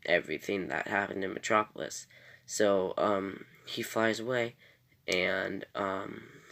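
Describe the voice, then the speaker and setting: A man gives a loose, casual review of a TV episode, his low voice edged with vocal fry. He talks in a rambling way, stopping to correct himself and filling gaps with "uh" and "um.". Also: a bit bright. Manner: rambling, many fillers and self-corrections.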